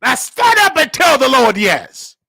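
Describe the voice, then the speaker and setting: A man hosting a loud live show, his very high voice swinging wildly as he shouts and preaches. The tone is sharp and bright, with a gravelly edge. It is recorded close and dry. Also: measured pace, dry recording. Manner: shouting, preachy, animated, scolding listeners. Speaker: show host. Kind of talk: loud live-stream commentary.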